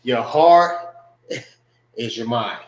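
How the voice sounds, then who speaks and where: A man leads a language class at an unhurried pace, going over each word again and again. His voice has a mid pitch and echoes around the room he teaches in. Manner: slow, repeats words while spelling them out. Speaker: religious class instructor.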